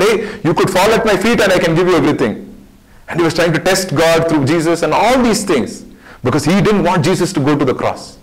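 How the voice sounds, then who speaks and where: A man's voice: a little high, low-quality recording. A man teaching a Bible study sermon in an earnest way, repeating phrases for emphasis.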